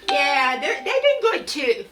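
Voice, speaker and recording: An older woman hosting a children's storytime show, talking to puppets in a gushing, animated way. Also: sits high, unhurried, roomy sound, noisy background. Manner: gushing, sing-song and animated. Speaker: storytelling host.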